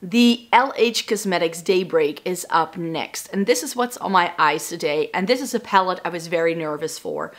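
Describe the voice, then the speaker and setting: A woman beauty vlogger, a little raspy while getting over a lost voice, chatting casually and thinking aloud to the camera. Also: fairly low pitch, moderate pace, hardly any pauses.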